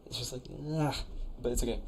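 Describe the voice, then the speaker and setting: A man's voice: medium pitch, fairly even intonation, fast, a little hiss or hum. A young man in college, casually chatting on a live stream, reading viewers' messages and sounding out invented words. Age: young adult. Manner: chatty, laid-back, reads chat aloud. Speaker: streamer reviewing viewers' conlangs.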